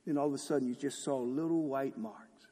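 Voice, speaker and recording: A man preaching a sermon with great passion, shifting between loud declaiming and hushed, near-whispered lines, and asking rhetorical questions again and again. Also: medium pitch, steady tone, brisk, slightly rough. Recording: long hall reverb.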